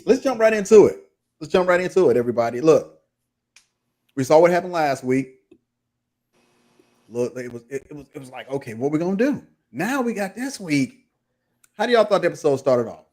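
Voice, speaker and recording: Animated playful male podcast host. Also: fairly high pitch, a little fast, long pauses. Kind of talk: casual recap chat.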